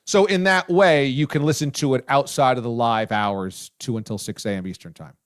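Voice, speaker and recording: A male sports radio host giving loud, effusive praise and chatting casually with his guest. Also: medium pitch, normal speed. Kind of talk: casual talk radio chat.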